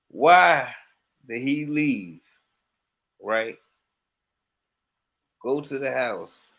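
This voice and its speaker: A man's voice: on the high side, takes it slowly, pauses often, fairly bright tone. A man telling a long story in casual chat, acting out quoted dialogue and laughing often. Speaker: podcast co-host.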